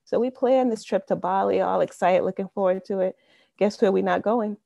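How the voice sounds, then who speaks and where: An earnest woman in her fifties shares a personal faith testimony over a video call, her voice low, warm and gravelly. She talks conversationally with a lot of "you know", and the sound is close and dry. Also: normal speed, no echo, lo-fi sound. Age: 50s. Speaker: speaker sharing a testimony.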